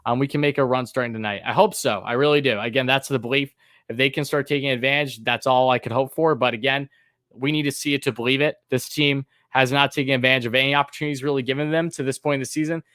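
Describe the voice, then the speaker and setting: Even-voiced man hosting a live sports stream. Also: medium pitch, fast talker, no room sound, clean studio sound. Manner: says his own voice sounds monotone; casual, many fillers, reads chat names aloud.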